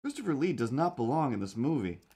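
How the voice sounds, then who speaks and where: A man hosting a livestream, chatting casually while he draws and telling rambling, animated stories with quick put-on voices. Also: mid-range voice. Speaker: livestream host. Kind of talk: casual chat while drawing.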